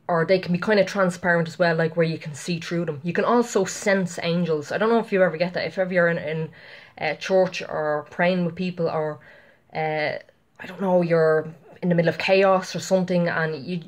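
A middle-aged woman telling a faith testimony in a chatty, rambling way, full of fillers and asides to her viewers. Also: on the low side. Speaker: Christian vlogger. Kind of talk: casual testimony monologue.

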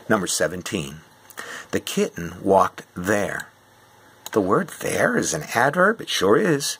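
Male teacher, middle-aged, slow, patient, low voice, lively pitch. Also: vocal fry, a little hiss or hum. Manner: slow and patient, explaining step by step. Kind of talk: classroom quiz review.

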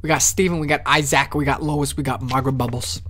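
Brief: male let's-player, mid-pitched, jokey and profane, lurches between yelling bursts and low muttering. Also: fairly even intonation, fast talker, a little hiss or hum. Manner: joking, swearing, swings from loud outbursts to mumbling; talks to in-game characters and chat. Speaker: let's play streamer. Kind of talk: live gameplay commentary.

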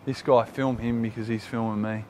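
A man's voice: medium pitch, level tone, normal speed, darkish tone, slight background noise. A young man in his twenties with an Australian accent, vlogging in a brash, joking way and swearing freely. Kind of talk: casual vlog.

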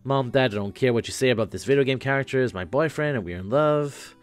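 A man voicing a laid-back, rambling floating teenage boy who acts as a self-aware game guide, a bit higher and louder than his own voice. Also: quick pace, natural voice.

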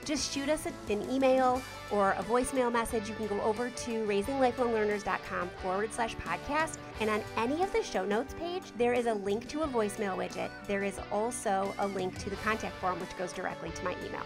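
A woman's voice: medium pitch, a little fast, hardly any pauses. A woman podcast host doing an enthusiastic sponsor read. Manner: upbeat, enthusiastic endorsement. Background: clear music.

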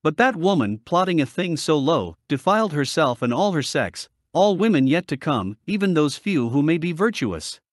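A vengeful dead king rages over his betrayal, as a male audiobook reader gives him voice. The voice sits slightly high and moves through a broad, lively range. The recording is close and dry. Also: normal speed, hardly any pauses, no echo. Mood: bitter, wrathful. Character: bitter ghost of a murdered male king.

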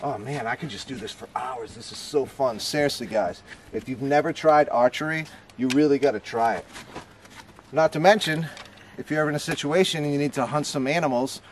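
A man's voice: mid-range voice, brisk, slight background noise. A young man with a Boston accent, vlogging casually outdoors at a campground and archery range, chatty and joking with his viewers. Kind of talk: casual vlog to camera.

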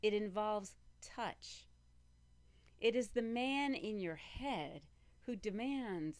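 A woman performing a spoken word poem in a slow, deliberate recitation, repeating short commands one after another. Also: medium pitch, no room sound. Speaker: poet. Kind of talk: spoken word poetry reading.

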